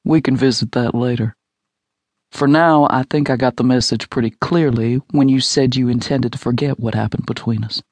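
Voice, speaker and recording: Male reader as cocky romantic lead, mid-pitched, dry intimate read. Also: steady tone, moderate pace, no echo, natural voice. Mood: seductive. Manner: low, teasing and assured. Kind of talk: audiobook romance dialogue.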